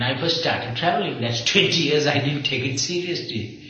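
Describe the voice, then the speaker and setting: Chuckling monk telling a story, echoey tape. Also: male voice, fairly high pitch, moderate pace, bright, forceful tone. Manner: chuckling storyteller, acts out dialogue. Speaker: Buddhist monk speaker. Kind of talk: anecdotal talk to a small group. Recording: echoey dull old tape, faint hiss.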